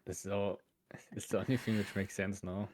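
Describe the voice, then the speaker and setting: Guy stammering through a game chat, pretty flat delivery. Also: fairly low pitch, brisk. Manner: hesitant, stammering. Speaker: game partner on call.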